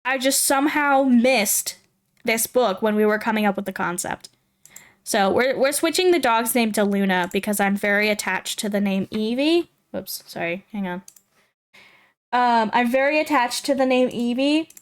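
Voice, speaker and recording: A woman's voice: on the high side, expressive, moderate pace, smooth. A young woman streamer chatting casually and rambling aloud while she plays a game, with frequent giggles. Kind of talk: casual livestream chat while playing a game.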